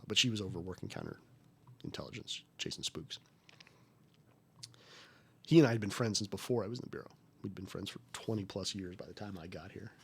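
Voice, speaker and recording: A former federal agent from the United States, in his forties, tells stories as a podcast guest, folksy and emphatic, building to animated retellings. His deep, gravelly voice comes with a little hiss or hum in the recording.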